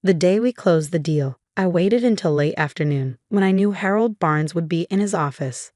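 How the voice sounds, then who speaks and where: A woman reading a first-person story aloud in a measured, even manner. Her voice sits on the low side and sounds close and completely dry. Steady scripted narration, close to the mic. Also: no echo.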